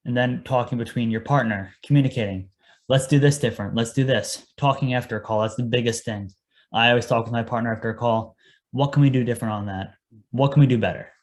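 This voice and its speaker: A man's voice: mid-range voice, quick pace. Earnest young man telling his story. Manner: earnest storytelling, acts out his own past lines. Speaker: guest, paramedic. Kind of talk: casual podcast interview.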